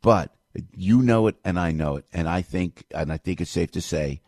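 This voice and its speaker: A man hosting a morning radio talk show, talking in a casual, opinionated way, excitable and jokey, often jumping loud and high. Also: moderate pace, dry recording, clean studio sound. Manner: animated, excitable, jokey, swings loud and quiet.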